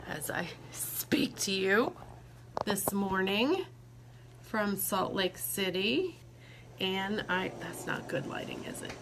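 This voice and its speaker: A woman's voice: mid-range voice, gravelly, noisy background. A woman talking casually to her phone camera in a hotel room, telling a story in a chatty way. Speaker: vlogger.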